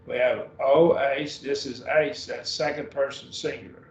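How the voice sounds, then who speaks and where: Slow, patient man teaching Greek. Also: medium pitch, fairly even intonation, a little hiss or hum. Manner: patient, slow, checks understanding often. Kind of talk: classroom lesson. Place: church classroom. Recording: dull roomy sound from far off.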